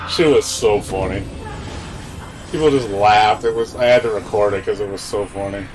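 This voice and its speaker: A man's voice: lowish voice, moderate pace, over music. Profane, laughing male game streamer. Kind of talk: casual live-stream chat.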